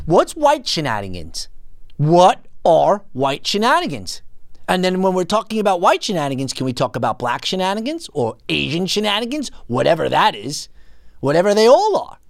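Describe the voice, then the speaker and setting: A man's voice: on the high side, creaky, no room sound, studio quality. A man hosting a podcast, ranting in an indignant, incredulous and mocking way. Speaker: podcast host. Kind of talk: ranting commentary.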